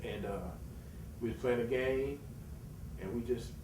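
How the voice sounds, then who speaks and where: A man who coaches youth basketball, telling a long story in a casual, animated way and acting out the voices of the people in it. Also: mid-range voice, unhurried, a little hiss or hum. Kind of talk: storytelling interview. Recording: echoey room, slightly distant mic, music behind.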